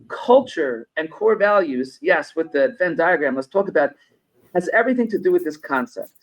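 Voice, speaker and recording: A man's voice: high voice, low-quality recording. A middle-aged man from New York, a business consultant and podcast guest, who explains his points through personal anecdotes and repeats phrases for emphasis. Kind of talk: conversational podcast interview.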